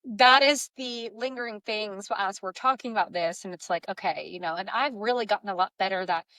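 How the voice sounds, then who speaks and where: A woman's voice: mid-range voice, fairly quick, pushed and bright, no echo. A woman hosting a podcast, talking casually and reflectively, thinking aloud as she goes. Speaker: podcast host. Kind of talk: casual conversational chat.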